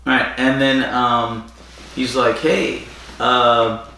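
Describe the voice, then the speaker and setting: A man's voice: mid-range voice, moderate pace, a little hiss or hum. Man, laid-back podcast co-host, echoey room, sits far from the mic. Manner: relaxed, adds details and quotes characters. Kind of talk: casual chat recapping an episode.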